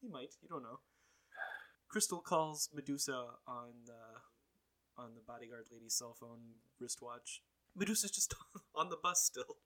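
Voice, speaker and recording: A man's voice: medium pitch, expressive, unhurried, sharp tone. A man casually recapping a TV episode as a podcast co-host, with dry, laid-back asides. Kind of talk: casual chat.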